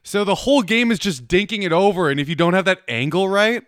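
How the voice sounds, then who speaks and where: A young man in casual chat, calmly explaining things at length to his co-host. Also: high voice, fast, no echo, studio quality. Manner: relaxed, explaining things in detail.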